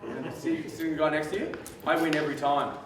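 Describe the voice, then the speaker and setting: A young adult man with an Australian accent, talking to students in a school theatre in a lively, joking way. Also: on the high side, noisy background. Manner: lively, joking, drawn-out emphasis. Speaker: speaker at a school assembly. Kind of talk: live talk to students. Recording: echoey theatre, mic far off.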